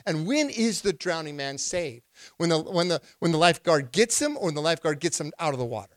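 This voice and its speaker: A male pastor preaching a sermon, asking the congregation questions and building to loud, emphatic bursts. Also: on the high side, lively intonation, a little fast, no echo.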